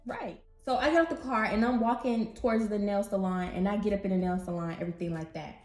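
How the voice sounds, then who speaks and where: A young woman casually telling a storytime story to her viewers, animated and slangy, speaking straight to camera. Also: mid-range voice, fast talker, faint music behind. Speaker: beauty vlogger. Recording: roomy echo.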